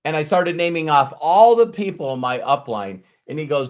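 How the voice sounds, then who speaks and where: A man, a business coach, telling a motivational story in a casual, animated way, often restarting and repeating words. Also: fairly high pitch, normal speed, few pauses.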